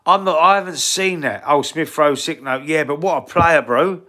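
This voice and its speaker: A man's voice: fairly high pitch, normal speed, pushed and bright. A man with a Cockney accent hosting a casual football live stream, blunt and swearing freely as he answers the chat. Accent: London Cockney. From England.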